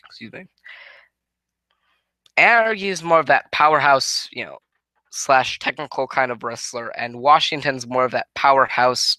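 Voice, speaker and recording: A tired man talks casually through a wrestling review, swearing and restarting his sentences as he goes. His voice sits at an ordinary pitch but has a very sharp, bright edge. The sound is close and dry. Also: no room sound. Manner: rambling, swearing, frequent restarts.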